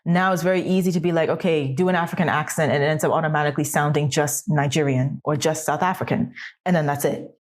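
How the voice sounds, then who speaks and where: Low-voiced woman musing on a film. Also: fairly even intonation, quick pace. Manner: thoughtful, questioning, rhetorical. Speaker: podcast co-host. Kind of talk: casual conversational film discussion.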